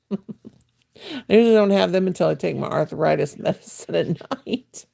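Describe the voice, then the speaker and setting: Gravelly older woman chatting. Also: fairly low pitch, moderate pace, warm tone. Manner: folksy, chatty, reads and answers viewer comments. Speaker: crochet livestream host. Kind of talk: casual livestream chat. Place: at home, sitting in her chair.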